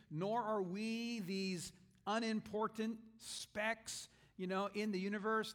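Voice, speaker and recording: Pastor, male, high-pitched voice, casual sermon delivery with asides and restarts. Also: fairly bright tone. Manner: conversational preaching with light asides and restarts.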